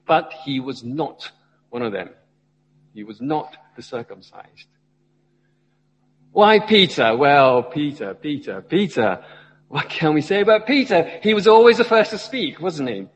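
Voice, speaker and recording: Lively-voiced man preaching in a church. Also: a little high, measured pace, husky, in a large hall, rough recording. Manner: asks the congregation questions, rising and falling emphasis. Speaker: lay preacher. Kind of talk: sermon.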